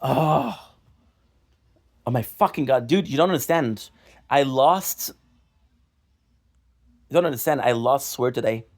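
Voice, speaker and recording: A man's voice: mid-range voice, animated, unhurried, pauses often. A young man vlogging to his viewers about a lost recording, frustrated, swearing, repeating himself and apologizing. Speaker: gaming vlogger. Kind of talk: casual vlog talk to viewers.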